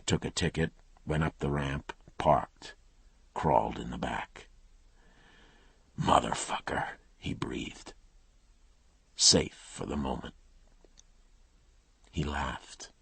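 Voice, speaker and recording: A man's voice: very deep voice, takes it slowly, creaky, pauses often, fairly bright tone, slightly rough, no echo. A man narrating a crime thriller audiobook in a clipped, tense style.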